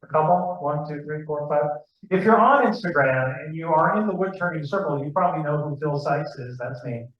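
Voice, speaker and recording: A man's voice: on the high side, a little fast. A man giving a rambling, chatty talk to a club audience, asking the room questions as he goes. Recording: far-off, echoey, muffled room recording.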